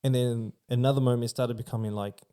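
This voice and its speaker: A man's voice: medium pitch, steady tone, fast, warm tone, clean tone. A man chatting casually on a podcast, rambling through spooky stories with lots of swearing and filler words. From Australia. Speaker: podcast guest. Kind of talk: casual storytelling chat.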